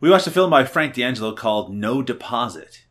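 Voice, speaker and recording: A man's voice: medium pitch, big pitch swings, a little fast, a bit bright. A man in his thirties hosting a comedic podcast, chatting in a jokey, self-mocking way. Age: 30s. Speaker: podcast host. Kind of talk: casual comedic podcast chat.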